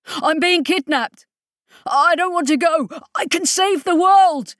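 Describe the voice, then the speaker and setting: A woman reading an audiobook voices a weak, frightened young man who pleads and breaks into high squeaks. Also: measured pace, dry recording, clean studio sound, natural voice. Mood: frantic. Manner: pleading, rising to frantic squeaks.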